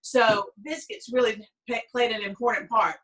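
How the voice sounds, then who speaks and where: At a normal speed and with fairly even intonation, a cooking instructor with a Southern American accent chats through her class, sharing family tales and using many fillers. Her voice is fairly high and fairly bright, picked up from a little distance.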